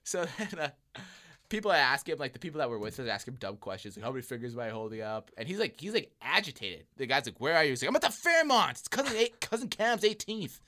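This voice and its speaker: Speaking fast in a mid-range voice, a young man hosts a podcast and casually relates a story, playing out each person in it. His delivery is animated and punctuated by frequent laughter.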